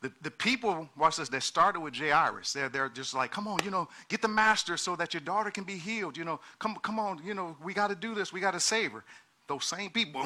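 A man delivering a sermon with a very bright, cutting tone. His voice sits a little high for a man. He talks in an animated way, stacks up repeated words and acts out the people in his story. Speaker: preacher.

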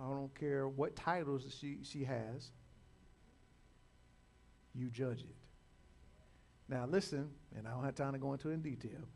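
A man preaching a sermon, repeating words and building to loud calls to his listeners. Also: mid-range voice, gravelly. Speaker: pastor.

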